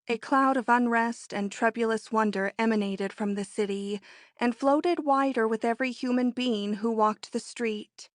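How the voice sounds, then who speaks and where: A woman narrating a classic romance novel as an audiobook in a measured storytelling manner. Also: a little high, steady tone, dry recording, studio quality. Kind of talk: scripted narration.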